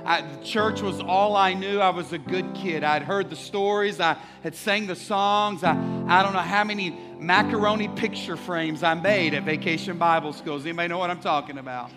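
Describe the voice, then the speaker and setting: A man preaching a sermon as pastor, building through rhythmic repeated phrases into emphatic shouts. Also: high-pitched. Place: church sanctuary. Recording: long reverb of a large hall.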